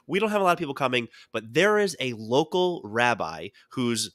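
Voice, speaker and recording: A man co-hosting a casual podcast, telling stories in an animated way and slipping into quoted voices. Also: mid-range voice, fairly quick, a little hiss or hum. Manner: animated storyteller who jumps into quoted voices. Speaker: podcast co-host.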